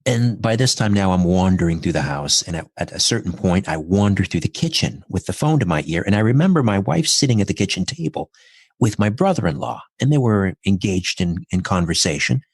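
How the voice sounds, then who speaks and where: Deep, husky-voiced man telling a story. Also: expressive, a little fast, dry recording, studio quality. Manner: earnest, reflective, recounting events step by step. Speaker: podcast guest. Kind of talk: personal storytelling in conversation.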